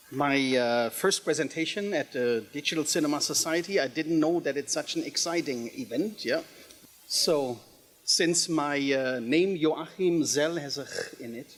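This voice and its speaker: A man with a German accent giving a technical conference presentation in a theater, halting and full of fillers, with a dry humor. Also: on the high side. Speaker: presenter at a tech expo. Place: theater stage.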